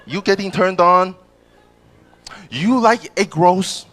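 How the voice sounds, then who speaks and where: A man's voice: sits high, a bit bright, pitched above the performer's own voice. A comedian putting on a sleazy, overconfident male flirt with a Chinese accent, purring smarmy pickup lines in a stand-up bit. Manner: smarmy, teasing pickup lines, drawn-out questions.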